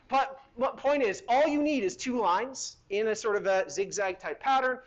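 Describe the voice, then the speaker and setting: A man's voice: sits high, fairly bright tone, highs cut off. A middle-aged man teaching a university chemistry lecture in a hall, conversational and asking the class questions as he goes.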